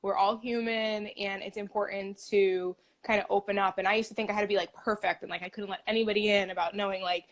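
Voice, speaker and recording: A woman's voice: medium pitch, little pitch movement, fast talker, few pauses. A young woman in her twenties, a dietitian, talking about her path in a casual, upbeat interview, with lots of "like" fillers. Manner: chatty, upbeat, many "like" fillers.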